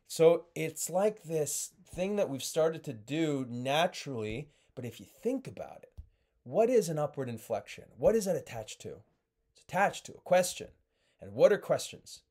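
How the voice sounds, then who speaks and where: A man giving a sales training talk, speaking at an ordinary mid-range pitch. He coaches with emphasis and pushes his voice up for key points. He keeps checking in with his listeners as he goes. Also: a little mellow.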